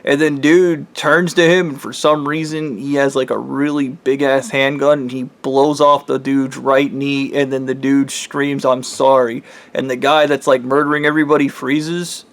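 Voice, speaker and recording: Man, casual vlog talk, rambling, lots of filler words, swears, mid-pitched voice. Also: level tone, moderate pace, few pauses. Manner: rambling with constant "like" fillers and profanity. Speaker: vlogger. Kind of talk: casual dream retelling.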